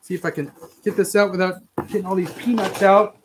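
A man hosting a casual live stream, reading out viewer comments with excitable, mildly profane chatter. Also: high voice, fairly quick, a little hiss or hum. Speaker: host of a live toy and comics stream.

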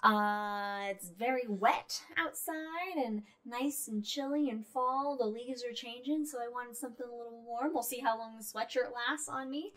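A woman's voice: a little high, normal speed, hardly any pauses, fairly bright tone. A woman co-hosting a podcast in casual chat, playful and full of fillers. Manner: chatty, playful, many fillers. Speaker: podcast co-host.

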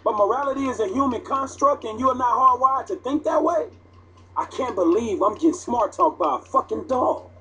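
A man's voice: very high voice, animated, normal speed, crowd noise. An actor voicing a wry, streetwise young man in a video game, who sounds profane and incredulous.

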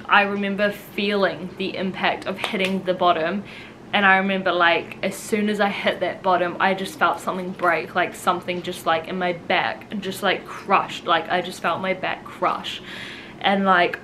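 A woman's voice: on the low side, level tone, moderate pace, bright, forceful tone, a little hiss or hum, rough recording. A young woman from New Zealand telling a personal story to camera in a rambling, emotional way, full of "like" and "um". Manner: rambling, heavy use of "like" and "um", emotional. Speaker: vlogger.

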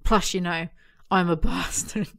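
A woman's voice: lowish voice, steady tone, measured pace, vocal fry, a bit bright. A woman putting on a brash, cynical bloke. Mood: boastful. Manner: boastful, sardonic, rude. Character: brash cynical male office worker.

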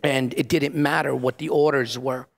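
New ex-cop, gravelly voice, tells his story with lots of you know and um. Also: medium pitch, fairly even intonation, moderate pace. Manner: emotional storytelling, acts out the dialogue, many fillers. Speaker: former police officer telling his story. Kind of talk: personal testimony in an interview.

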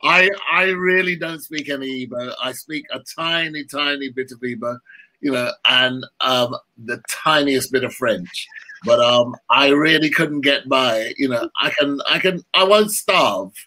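A man's voice: medium pitch, unhurried, bright, forceful tone, low-quality recording. A man chatting as a guest, modest and hesitant with laughing asides. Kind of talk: casual chat.

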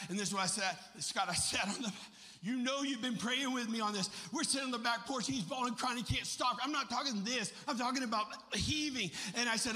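A middle-aged man preaching a fervent sermon as pastor, rising to shouts at his high points. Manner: impassioned preaching, shouting at climaxes. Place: large church. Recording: echoey church hall.

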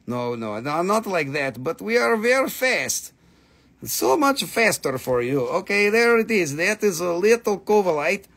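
Man, gravelly voice, fairly high, joking live-sale host, drifts into a put-on accent. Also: expressive, moderate pace, fairly bright tone. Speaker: live stream gem seller. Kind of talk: live sales patter.

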